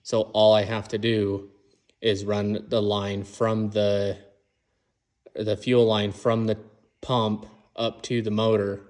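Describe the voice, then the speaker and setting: Low, a little mellow, and slow, the voice of this mechanic barely shifts in pitch as he films his own truck build in his garage. He walks plainly through each step in casual shop talk and calls the engine "she."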